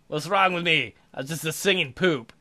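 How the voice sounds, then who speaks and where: A man hosting a let's play of a video game, excitable, laughing and swearing as he plays. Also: a little high, moderate pace. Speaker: gaming channel host.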